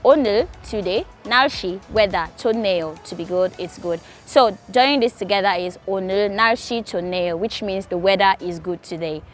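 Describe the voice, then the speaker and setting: A young woman from Nigeria teaching Korean grammar in a casual, patient way, repeating key points slowly. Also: mid-range voice, faint music behind. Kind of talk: casual explanatory lesson.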